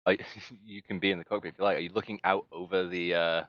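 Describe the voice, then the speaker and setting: A man with a very low voice runs a tabletop game as game master. His narration rambles and hesitates, full of fillers and small laughs. The voice chat is dry and dull, with a lo-fi sound. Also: steady tone, fast talker, dry recording.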